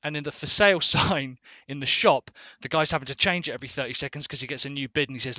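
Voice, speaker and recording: Bright-voiced, casual man explaining. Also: medium pitch, quick pace, few pauses, no echo. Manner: informal, swears, checks in with "right?". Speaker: explainer video host.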